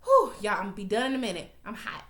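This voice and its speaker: A woman recapping a TV episode for her viewers in a blunt, animated, profane rant. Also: mid-range voice, racing, echoey room. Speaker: TV recap vlogger.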